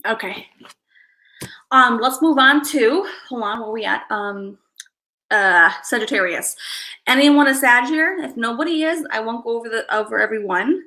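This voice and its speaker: A woman's voice: a little high, expressive, moderate pace, bright, forceful tone, rough recording. A woman hosting a casual livestream, chatting in a rambling way and greeting viewers by name. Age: adult parent. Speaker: livestream host.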